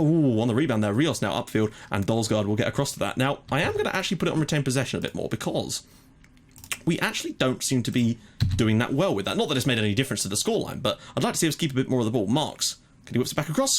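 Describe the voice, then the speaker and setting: A young man casually commentating his own football management game, chatty, with frequent fillers and mock match calls. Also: medium pitch. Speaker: gaming YouTuber. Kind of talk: casual let's-play commentary.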